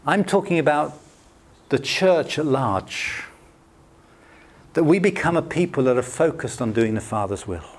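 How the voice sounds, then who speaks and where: A British man delivers a sermon in a relaxed, conversational style. He tells anecdotes and pokes fun at himself. His voice sits slightly above the usual male range. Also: on the high side, unhurried, long pauses. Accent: British English. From Britain. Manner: conversational, anecdotal preaching with self-deprecating humor. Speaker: preacher.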